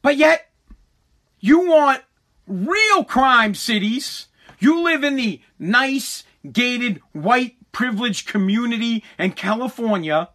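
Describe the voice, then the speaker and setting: Man, podcast host, heated rant, profane, stumbles and restarts, bright voice. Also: very high-pitched, animated, takes it slowly. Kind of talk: ranting political commentary.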